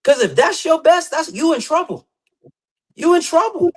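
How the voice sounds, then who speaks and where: Brief: male guest with a very high voice, cocky smack talk, podcast banter. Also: sing-song, moderate pace. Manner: boastful, trash-talking. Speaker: guest competitor.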